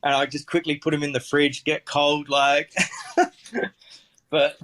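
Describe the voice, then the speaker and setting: A man's voice: fairly high pitch, little pitch movement, takes it slowly, fairly bright tone. A man with an Australian accent, a chef telling stories in a casual interview, rambling with lots of fillers and restarts.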